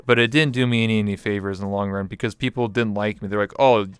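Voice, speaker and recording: Man, candid and lower-voiced. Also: fairly even intonation, fast, a bit bright, clear, resonant tone, no room sound. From Canada. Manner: candid, reflective, many fillers. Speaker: guest. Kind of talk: casual interview chat.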